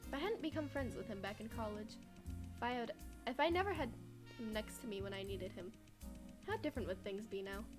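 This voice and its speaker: A woman gives voice to a young man who is earnest and formal in his speech. The voice sits a little high, calm and steady. Game music plays clearly behind it. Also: brisk, lightly acted. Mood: reflective.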